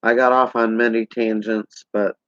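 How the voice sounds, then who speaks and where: A man's voice: lowish voice, little pitch movement, moderate pace, a bit bright, no room sound. A man ranting sarcastically to a camera, heated and rambling. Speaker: vlogger. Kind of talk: political rant to camera. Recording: dull lo-fi sound.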